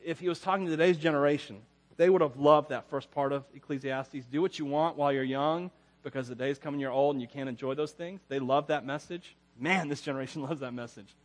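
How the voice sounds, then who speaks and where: A man's voice: a little high, fairly quick. A man preaching a casual, conversational sermon as a pastor, rambling through personal stories and chuckling often.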